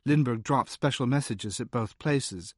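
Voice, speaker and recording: A man reading a nonfiction history aloud as an audiobook narrator, measured and wry. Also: mid-range voice, slightly rough, no room sound. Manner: measured, dry storytelling with wry asides.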